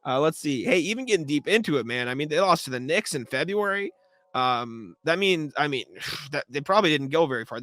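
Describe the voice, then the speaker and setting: A man's voice: fairly high pitch, animated, a little fast, sharp tone, no room sound, clean studio sound. A young man co-hosting a live sports talk show, ranting in a sarcastic, exasperated way and swearing. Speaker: podcast co-host.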